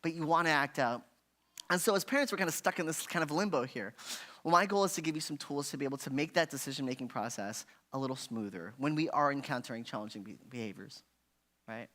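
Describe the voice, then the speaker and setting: A man's voice: mid-range voice, expressive, quick pace, bright, forceful tone. A man giving a parenting workshop in a conversational teaching style, often checking in with "right?" and briefly acting out frustrated parents. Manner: conversational, constantly asking "right?"; acts out frustrated parents in a raised voice. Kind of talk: parent education talk. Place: church hall.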